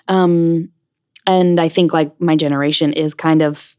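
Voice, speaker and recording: A young Broadway actress from New Jersey/New York chats frankly as a guest in a casual interview, using lots of fillers. Her voice is low-pitched and a little mellow, with fairly even intonation and a moderate pace.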